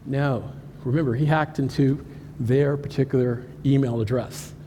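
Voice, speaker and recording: A man giving an animated, joking cybersecurity presentation at a live conference, talking straight to the audience. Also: medium pitch, normal speed, a little hiss or hum. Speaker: cybersecurity speaker. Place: conference hall. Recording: hall reverb with faint ambience.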